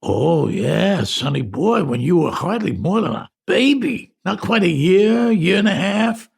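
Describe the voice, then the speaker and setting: A man's voice: sits high, lively intonation, a little slow, gravelly, husky, voice pushed up, exaggerated voice. A man voicing doting middle-aged aunts, gushing in a singsong way as they greet a nephew. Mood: fond.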